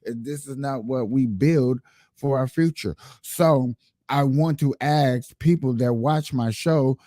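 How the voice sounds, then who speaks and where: Slow and warm, this medium-pitched male voice belongs to a man running his own political livestream. He's earnest and repetitive, talking directly to the people watching in a casual style. The recording is dry and studio grade.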